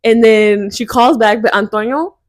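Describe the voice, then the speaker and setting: A woman's voice: a little high, normal speed. A young woman co-hosting a podcast, telling a story in casual chat and laughing often as she talks. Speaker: podcast co-host.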